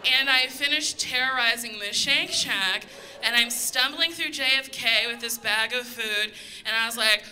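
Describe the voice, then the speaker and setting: A woman in her thirties performing a stand-up comedy set, telling a story loudly with put-on voices. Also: fairly high pitch, unhurried, rough recording. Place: comedy stage before a live audience.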